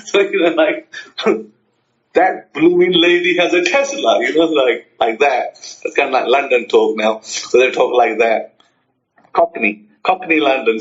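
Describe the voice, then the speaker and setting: A man's voice: mid-range voice, highs cut off. A man teaching, who acts out short dialogues and repeats his points for emphasis. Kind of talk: spoken self-help teaching.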